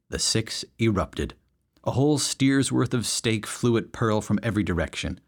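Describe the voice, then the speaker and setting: A man's voice: fairly low pitch, lively intonation, normal speed, husky. A man narrating a western story in a wry storytelling manner. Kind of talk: audiobook narration.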